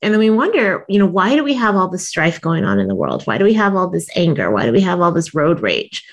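A woman guest on an interview show, a comedian and author, with a fairly low voice. She tells stories in a lively, animated way and leaps up in pitch whenever she acts out what someone said. She laughs often as she talks. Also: fast. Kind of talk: storytelling interview.

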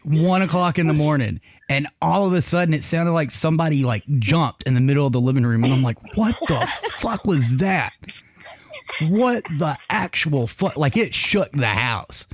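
A man's voice: a little high, brisk, no room sound, clean studio sound. A man co-hosting a podcast, chatting casually, swearing freely and laughing as he tells stories. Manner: profane, laughing storyteller. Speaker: podcast co-host. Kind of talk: casual chat.

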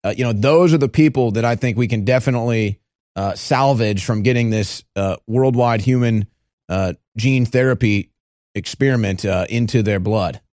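A man hosting a call-in radio show, taking callers and breaking into animated mocking impressions. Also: normal speed, no echo, clean studio sound. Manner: animated, jumps into high mocking voices for impressions. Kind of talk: talk radio host taking calls.

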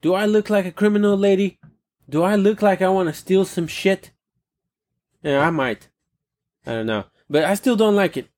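A man's voice: fairly high pitch, a little mellow. A young adult man hosting a podcast, delivering a rambling, profane comedic rant and often asking his listeners questions. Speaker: podcast host.

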